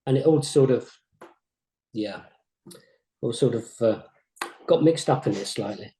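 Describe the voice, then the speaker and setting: An older man, a former games company boss, recalling his career in a modest, halting way, often repeating words. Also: medium pitch, expressive, warm tone, slight background noise. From England. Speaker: former games company CEO, interview guest. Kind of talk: reflective interview chat. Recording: roomy echo.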